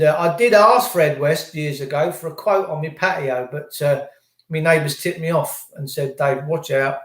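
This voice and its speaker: A high-pitched man running a livestream, slipping into mocking sarcasm as he rants at his viewers. His voice bounces around an echoey room. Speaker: livestream host. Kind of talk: ranting livestream commentary reading chat.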